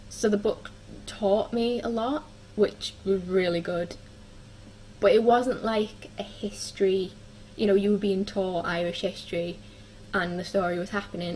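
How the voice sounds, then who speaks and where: A woman's voice: mid-range voice, a little mellow, slight background noise, poor audio. Chatty young woman reviewing books. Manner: chatty, frequent ums and likes. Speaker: book vlogger. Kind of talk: casual book review chat.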